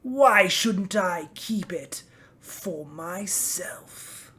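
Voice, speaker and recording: A woman's voice: medium pitch, sing-song, a little hiss or hum, heavily acted. Woman voicing a sighing, weary old dragon. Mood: hushed menace. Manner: sighing, slow and hushed, drifts into a whisper. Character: weary, theatrical male dragon guarding a treasure.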